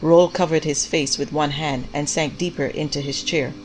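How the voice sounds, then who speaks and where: A woman narrating a story in a measured, even storytelling manner. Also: low-pitched, soft background music, rough recording.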